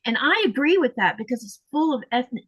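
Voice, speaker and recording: A woman's voice: high-pitched, lively intonation, brisk, slightly rough, dull audio. A woman hosting a sewing live stream, chatting casually and telling stories while reading viewer comments. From Florida. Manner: chatty storyteller, reads viewer comments aloud.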